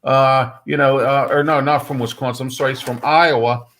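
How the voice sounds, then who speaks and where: A man's voice: mid-range voice, fairly even intonation, brisk, a bit bright. Blunt, rambling man hosting sports talk. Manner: blunt, opinionated, rambling with many fillers and "okay?". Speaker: sports talk show host. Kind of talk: casual sports talk monologue.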